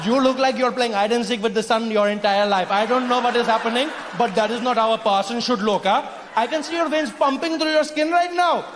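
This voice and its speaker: A man's voice: very high voice, a little fast, hardly any pauses, a bit bright, a little hiss or hum. A comedian on stage acting out a confident, teasing Indian man in a sing-song put-on Indian English accent, with a laughing crowd in a large hall. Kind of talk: stand-up comedy act-out. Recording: live theater, crowd laughter.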